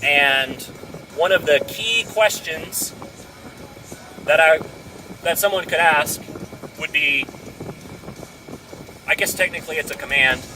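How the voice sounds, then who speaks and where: A man with a fairly high voice works through an idea out loud, circling and restarting as he goes. He sits some way from the mic, and clear vehicle noise runs under him outdoors. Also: recorded from a distance. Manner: thinks aloud, loose and searching, with frequent restarts. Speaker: speaker sharing a business idea. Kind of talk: casual thinking-aloud monologue.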